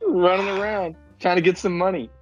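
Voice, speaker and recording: A man co-hosting a casual movie podcast, animated and profane, laughing as he riffs. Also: high voice, brisk, muffled recording, soft background music. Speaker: podcast co-host. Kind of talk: casual movie-review chat.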